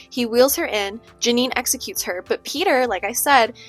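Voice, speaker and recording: A woman's voice: a little high, unhurried, hardly any pauses, fairly bright tone. A woman talking casually in a book vlog, chatty, with many fillers and asides like "okay?". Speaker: book vlogger. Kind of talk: casual chat. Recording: faint music under the voice.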